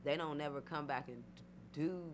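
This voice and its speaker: A woman's voice: sits low, a little fast. Rambling DC woman with background hum. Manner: rambling, animated, many fillers. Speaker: guest artist. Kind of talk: casual radio interview.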